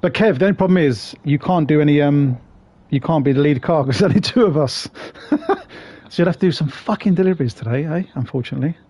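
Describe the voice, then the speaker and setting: Guy live streaming, chatty and sweary, kinda high but mellow voice. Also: fast, breathy edge. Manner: chatty, swears, greets viewers by name. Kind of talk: casual live-stream chat.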